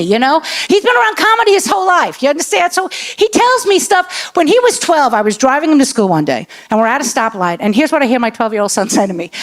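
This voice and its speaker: A woman doing profane stand-up comedy with crowd work on a comedy club stage. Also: sits high. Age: 60s. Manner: brash, profane storytelling. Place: comedy club stage before a live audience.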